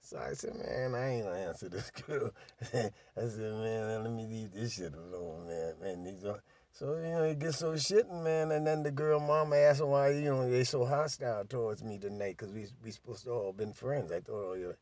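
An older man telling a profane story in casual chat, animated and laughing as he goes. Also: mid-range voice, normal speed.

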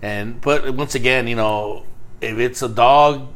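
A man's voice: medium pitch, a little slow, a bit bright. A man co-hosting a podcast, swearing and laughing through casual stories. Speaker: podcast co-host. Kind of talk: casual crude chat.

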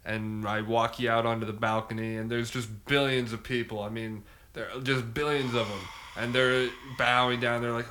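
A man's voice: medium pitch, little pitch movement, normal speed, hardly any pauses, bright, forceful tone, slight background noise. A man hosting a comedy podcast, teasing his guest in a cocky, mock-boastful way during improvised banter.

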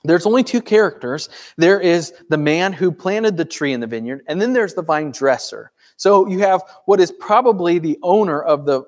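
A man preaching a sermon in a conversational way, asking rhetorical questions and acting out the voices of characters in a parable. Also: a little high. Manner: acts out dialogue of parable characters. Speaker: pastor.

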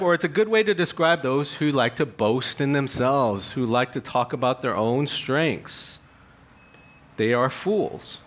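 A man's voice: medium pitch, animated, a little slow, a bit bright. A man preaching a sermon, reading scripture aloud with emphatic, rising stress. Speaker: pastor.

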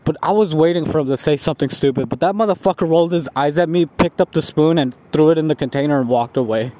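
A man's voice: on the high side, fast talker, warm tone. A man in a casual vlog, ranting about lazy coworkers with heavy swearing and frustrated storytelling. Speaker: vlogger.

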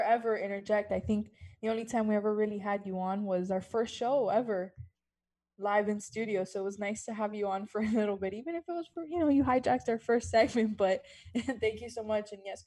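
Young woman, radio host, mellow tone, chatty, friendly. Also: medium pitch, steady tone, fairly quick. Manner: friendly, chatty, laughs lightly. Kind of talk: radio show hosting.

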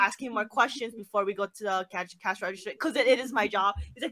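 A young woman talking casually with a friend, her voice bright and a little high. She tells stories with animated energy, peppered with swearing and filler "like"s, recorded dry and close. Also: fast, hardly any pauses, dry recording. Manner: animated storytelling, frequent swearing and "like". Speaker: cashier. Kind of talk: casual chat.

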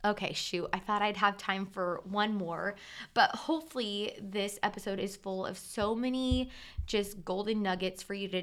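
With a mid-range voice and a sharp tone, a woman in her thirties runs a solo podcast. She talks in a casual, conversational way, using many filler words.

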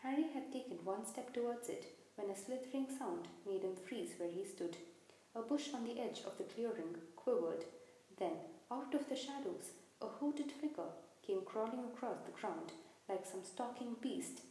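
A woman narrating a storybook in a measured, expressive reading. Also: a little high. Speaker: audiobook narrator. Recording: very echoey room, faint hiss.

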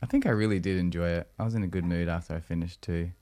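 Deep-voiced Australian man, dry banter. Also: steady tone, fast, mellow. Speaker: podcast co-host. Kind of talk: casual live-stream chat.

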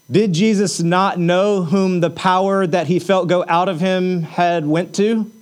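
A man's voice: sits high, steady tone, a little slow, few pauses, clear, resonant tone. A man preaching a sermon in a conversational way, asking rhetorical questions and using casual fillers. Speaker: pastor.

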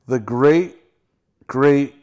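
A man's voice: medium pitch, darkish tone, clear, resonant tone. A man co-hosting a casual podcast chat, laid-back and swearing often. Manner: slow, laid-back, swears and says "dude" a lot. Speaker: podcast co-host.

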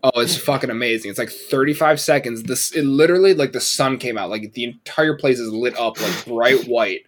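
Podcast co-host, male, mid-pitched, a foul-mouthed sarcastic ranter in loose chat. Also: a little fast. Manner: profane, ranting, sarcastic.

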